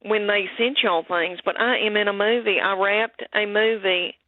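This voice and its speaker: A woman's voice: mid-range voice, fairly even intonation, moderate pace, no echo, narrow, tinny audio. A middle-aged woman with a thick Southern American accent, a comedian chatting as a radio guest in a folksy way, calling people honey and darling. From Southern United States. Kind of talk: radio interview chat.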